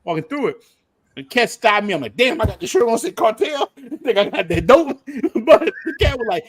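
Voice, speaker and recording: A man's voice: very high voice, fairly quick. A man hosting a casual livestream chat, telling stories and laughing often. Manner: animated storytelling, laughs often. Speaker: host.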